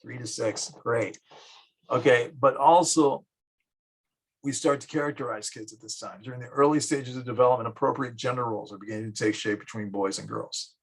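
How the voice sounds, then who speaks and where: Husky-voiced male psychology teacher. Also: mid-range voice, low-quality recording. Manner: lively, acts out children and parents in quick asides. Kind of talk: classroom lecture.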